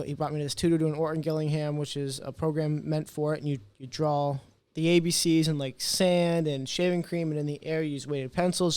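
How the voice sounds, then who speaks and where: A man's voice: fairly high pitch, no echo. A man in his twenties, a podcast guest, telling his story in casual talk and acting out the quotes. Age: 20s. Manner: animated storyteller, acts out quotes.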